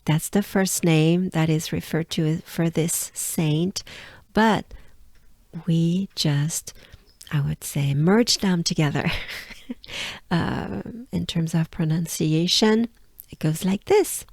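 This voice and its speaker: A woman from France with a French accent, patiently teaching pronunciation and drawing out each sound in slow demonstrations. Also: medium pitch, a little mellow, no echo.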